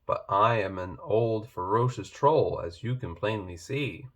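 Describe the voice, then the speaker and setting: A man's voice: on the low side, measured pace, pitched below the performer's own voice. A man voicing an old ferocious male troll in a read-aloud picture book. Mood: gruff.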